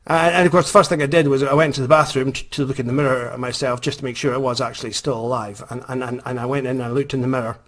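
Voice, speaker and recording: A man with a Scottish accent telling a self-mocking personal story in a lively vlog manner. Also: mid-range voice, rapid-fire, few pauses. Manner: animated, self-mocking storyteller who laughs often. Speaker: author and vlogger.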